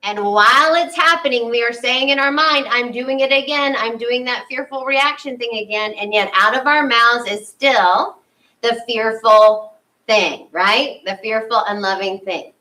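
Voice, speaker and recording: A woman's voice: a little high, unhurried, pushed and bright. A woman, a spiritual leader, giving a conversational sermon and acting out her own inner thoughts, heard from a distance.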